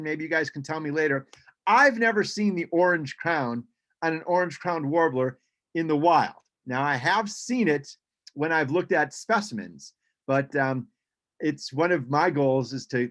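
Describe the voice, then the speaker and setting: A man's voice: a little high, fairly bright tone. A man giving a casual birding presentation over a video call, chatty, with frequent ums and restarts.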